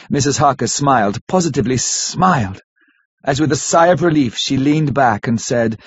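A man narrating a classic novel as an audiobook, measured and dramatic. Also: mid-range voice, animated, breathy edge, dry recording. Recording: dull lo-fi audiobook recording.

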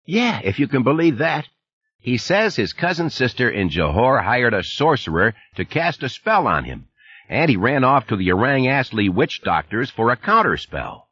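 A man voicing a groggy, gravelly middle-aged male factory manager who keeps coughing, in an audiobook reading. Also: mid-range voice, sing-song, normal speed, sharp tone, no echo, lo-fi sound, pitched above the performer's own voice, full character voice. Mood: weary puzzled.

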